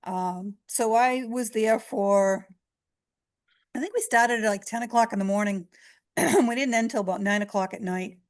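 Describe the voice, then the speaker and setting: A middle-aged woman, a psychic medium, chattily recounting her early readings in an interview, hoarse and losing her voice. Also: on the high side, measured pace. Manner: chatty, retells exchanges with quoted voices. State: losing her voice, clearing throat. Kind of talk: storytelling in an interview.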